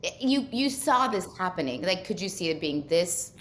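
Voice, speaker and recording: Earnest, lower-voiced woman in conversation. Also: lively intonation, normal speed, a little hiss or hum. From Ukraine. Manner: earnest, talks in long run-on thoughts. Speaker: interview guest. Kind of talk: casual conversational interview.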